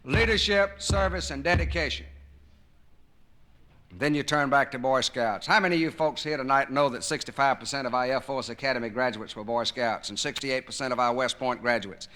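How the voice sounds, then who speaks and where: Bright, emphatic man giving a speech. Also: mid-range voice, brisk. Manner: folksy, emphatic storytelling with jokes. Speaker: public speaker. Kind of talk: patriotic speech to a live audience. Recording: 1970s vinyl record of a live speech.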